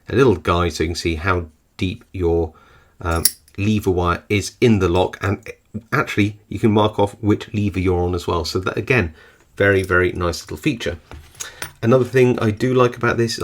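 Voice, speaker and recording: A man, hosting his own channel and giving a casual product review, easygoing and often pausing with ums and restarts. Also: sits low. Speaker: lock-picking channel host.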